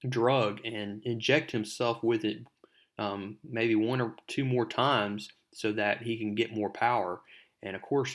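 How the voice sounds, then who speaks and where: Man casually recapping a comic. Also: on the low side. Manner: rambling, filler-heavy retelling. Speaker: comic book reviewer.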